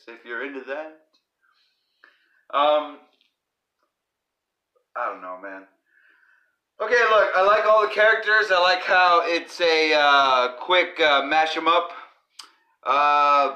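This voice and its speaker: Hosting a comedy podcast, the man speaks in a somewhat high voice that sounds pushed and bright. His manner is goofy: he wanders off on tangents, riffs, and sings bits of silly nonsense.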